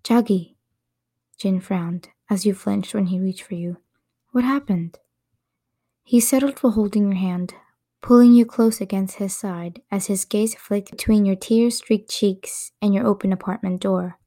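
Mellow-voiced woman narrating a story. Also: medium pitch, steady tone, moderate pace. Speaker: podcast host reading fan fiction. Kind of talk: scripted narration.

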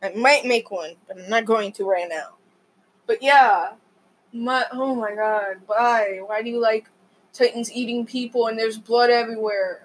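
Young woman vlogger, higher voice, excitable rambler, lots of fillers. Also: poor audio. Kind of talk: rambling casual vlog.

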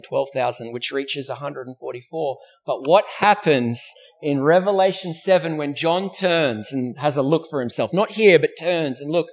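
A male pastor with an Australian accent, preaching a sermon in a church, telling a story and posing rhetorical questions. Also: medium pitch. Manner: storytelling preacher, acts out quoted voices.

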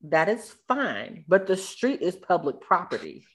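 Woman, casual chat, blunt, animated, low-ish voice, swooping pitch. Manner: animated, blunt, quick bursts of speech.

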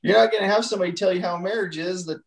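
A man speaks earnestly and plainly, handing out direct advice in a faith podcast conversation. His voice is a touch high for a man. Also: fairly even intonation, rapid-fire, vocal fry, rough recording. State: married. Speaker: podcast guest.

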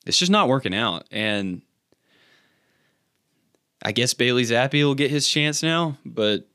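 A man with a medium-pitched, sharp, clean voice speaks in an animated but unhurried way, recorded dry. Co-hosting a sports podcast, he reads a punny scripted recap, then slips into casual chat full of fillers and restarts.

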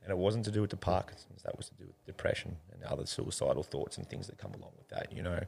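This is an Australian man in a casual interview, his voice sitting very low with a rough, gravelly edge. He tells a long personal story in an earnest, rambling way, often calling the host mate. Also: big pitch swings, fast talker, darkish tone. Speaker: interview guest.

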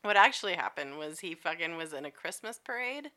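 A woman's voice: on the low side, expressive, brisk, pushed and bright. A woman co-hosting a podcast, chatting casually in a playful, giggly way. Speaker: podcast co-host. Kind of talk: casual chat.

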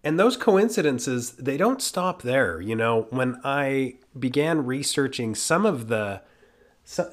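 A man's voice: mid-range voice, a bit bright. A man hosting an interview, speaking conversationally and thoughtfully, with some stumbles. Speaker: host. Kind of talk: casual chat.

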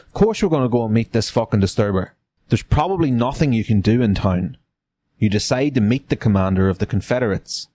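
A man's voice: medium pitch, animated, normal speed, dark tone. A man hosts a podcast and reads a gamebook aloud, page by page. He narrates plainly and breaks off for cheeky, profane jokes between choices. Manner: irreverent, swears in asides. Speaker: podcast host. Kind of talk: reading a gamebook aloud with joking asides.

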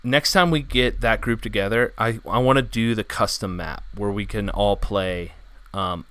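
A man's voice: on the low side, normal speed, fairly bright tone, clean tone, dry recording. A man hosting a gaming podcast, chatting casually through the news with lots of fillers and an upbeat, rambling manner. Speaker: podcast host.

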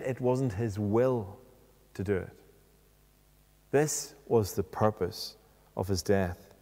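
A man preaching a sermon, speaking deliberately and posing rhetorical questions. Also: medium pitch, a little mellow. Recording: long reverb of a hall.

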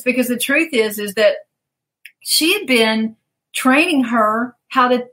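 A woman's voice: high-pitched, a bit bright, low-quality recording. A woman coach telling stories in a casual interview, animatedly acting out the people she quotes and laughing often.

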